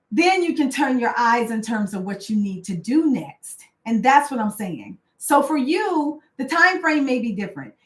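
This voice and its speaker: Woman life coach, chatty motivational talk, kinda high voice, echoey room. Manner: casual and conversational, often asks "right?" and says "y'all". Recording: roomy echo.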